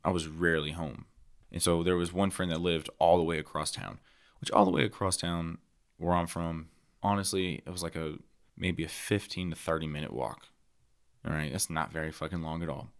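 Deep voiced podcast guy, blunt, swears constantly, gets heated. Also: fairly even intonation, normal speed. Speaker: podcast co-host. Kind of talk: casual chat.

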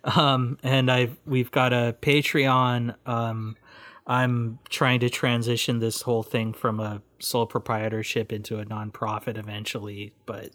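A man's voice: medium pitch, little pitch movement, a little slow, fairly bright tone. A man being interviewed on a podcast, talking bluntly with many fillers and restarts. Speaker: guest, independent researcher running a news project.

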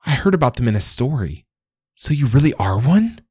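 A man's voice: medium pitch, big pitch swings, fairly quick, a little mellow, breathy edge, no echo, clean studio sound, voice pushed up. A man voicing a timid, eager young male basil plant in a storybook reading, pleading and apologetic. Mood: earnest.

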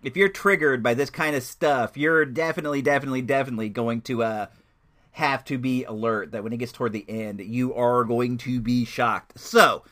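A young man giving a casual, chatty movie review, telling stories in an animated way. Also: normal speed. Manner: animated, chatty storytelling with lively swings in pitch.

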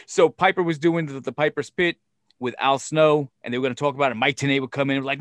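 A man's voice: mid-range voice, quick pace, no room sound, studio quality. A man casually telling a long story and acting out the other people's lines, swearing often. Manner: profane, animated, acts out quoted voices. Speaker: podcast guest telling stories.

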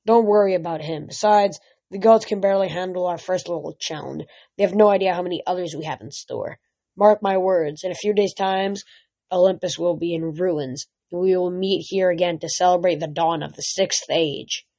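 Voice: medium pitch, normal speed, dark tone, close to an everyday voice. A reader voicing a cruel, arrogant Titan lord giving orders, in a dull lo-fi recording. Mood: commanding. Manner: commanding, arrogant.

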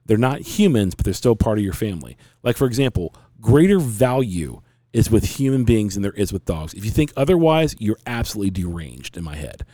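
A man's voice: on the low side, big pitch swings, a little fast, warm tone, no echo. A middle-aged man hosting a casual talk show, telling a story in a frank, rambling way with many restarts. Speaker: podcast host.

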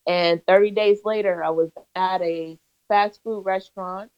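A woman's voice: medium pitch, steady tone, unhurried, clean tone. A woman guest on an interview, telling her story in an earnest, emphatic way with a preacher-like cadence. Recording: slightly dull lo-fi audio.

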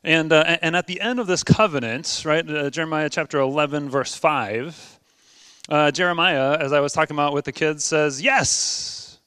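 Earnest man preaching, smooth and dry. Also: on the high side, moderate pace, pushed and bright, no echo. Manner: earnest, with frequent ums and uhs. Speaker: pastor. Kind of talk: sermon.

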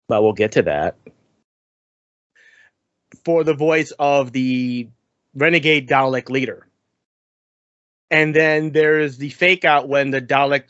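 An animated man in casual podcast chat, mid-pitched and lively, who stumbles over repeated words and breaks into mimicry. The sound is dry and close, a little dull and lo-fi. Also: no echo. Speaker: podcast co-host.

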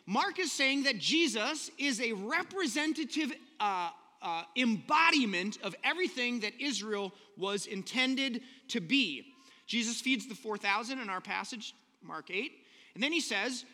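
A man's voice: extremely high pitch, expressive, unhurried, bright, forceful tone. A man preaching a casual, conversational sermon to his congregation, talking informally and often correcting himself mid-sentence. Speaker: pastor. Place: church sanctuary. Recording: long reverb in a church hall.

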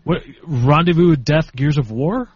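Lo-fi sound with no echo captures a slightly rough, somewhat high male voice at a moderate pace. He's a podcast co-host in his twenties, casually chatting with a hesitant, self-mocking manner.

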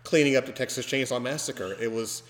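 A man hosting a podcast, telling a story casually and breaking into loud, animated mimicry of screams. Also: medium pitch, brisk. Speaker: podcast host. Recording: long hall reverb.

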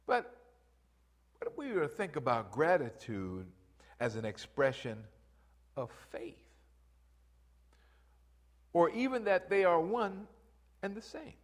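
A man preaching a sermon, acting out voices and building to loud, repeated calls to rise. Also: on the high side, slow, long pauses. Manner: animated preaching, acts out voices, rises to loud exhortation. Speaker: pastor.

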